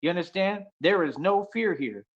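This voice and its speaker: A man's voice: high-pitched, animated, normal speed, phone-quality sound. A man from the United States hosting a casual livestream monologue, boastful and swaggering, looping back with "like I said" over and over. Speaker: livestream host.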